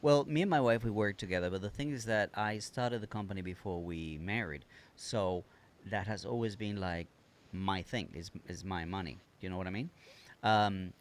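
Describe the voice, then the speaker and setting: Man, lowish voice, animated casual storyteller who laughs easily. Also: normal speed. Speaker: co-host. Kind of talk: casual chat.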